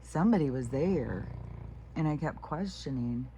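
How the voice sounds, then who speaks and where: A woman's voice: sits low, expressive, measured pace, dark tone, a little hiss or hum. A woman talking to camera in a meandering, frank monologue, swearing freely and often restarting her sentences. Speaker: vlogger. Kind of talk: rambling casual monologue.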